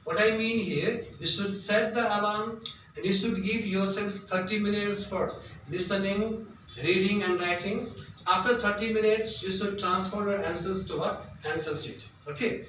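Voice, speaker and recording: A man's voice: high-pitched, fairly even intonation, normal speed, fairly bright tone, slight background noise. A man with a Nepali accent giving exam tips as an English tutor, repeating himself and asking rhetorical questions he answers himself. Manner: repetitive, asks rhetorical questions and answers them. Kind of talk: spoken tips lesson. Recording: very echoey room, mic at a distance.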